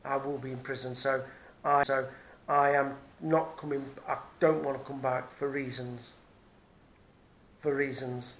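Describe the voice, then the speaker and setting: A man's voice: mid-range voice, level tone, a little slow, fairly bright tone, a little hiss or hum. A middle-aged man, ranting angrily and swearing in a personal vlog, repeating himself as he goes. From Britain. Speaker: vlogger. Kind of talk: angry personal rant.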